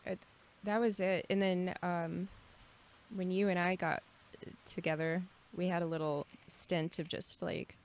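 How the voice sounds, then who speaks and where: A woman co-hosting a podcast, chatting in a relaxed, teasing way. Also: fairly low pitch, measured pace. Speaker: podcast co-host. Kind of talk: casual chat.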